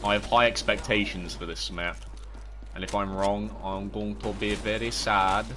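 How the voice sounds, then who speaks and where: Young British male streamer, lowish voice, loud yelps at the game, faint noise behind. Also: normal speed. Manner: excitable, yelps and shouts at the game, chats to viewers. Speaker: livestreamer. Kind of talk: casual gaming livestream commentary.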